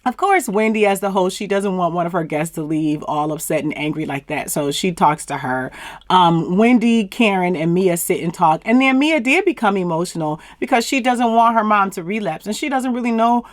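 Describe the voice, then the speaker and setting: This woman's mid-range voice is expressive and moves at normal speed, recorded cleanly in a studio with no room sound. Hosting a casual reality-TV recap channel, she comes across sassy and emphatic, dropping southern slang such as "plumb fool" and laughing mockingly.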